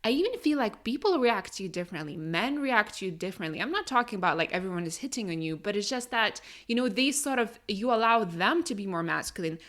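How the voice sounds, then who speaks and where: A woman's voice: mid-range voice, expressive, quick pace, hardly any pauses, a bit bright. Woman co-host, non-native English speaker, chatty, upbeat, casual podcast talk. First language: not English. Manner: chatty, upbeat, full of fillers like "you know" and "right?".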